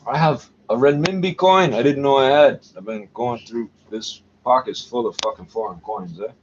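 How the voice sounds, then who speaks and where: Guy vlogging, rambling and cussing, mid-low voice, dull lo-fi audio with a noisy background. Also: normal speed. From Canada. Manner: rambling, profane, muttering asides ending in "eh?". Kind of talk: casual rambling monologue.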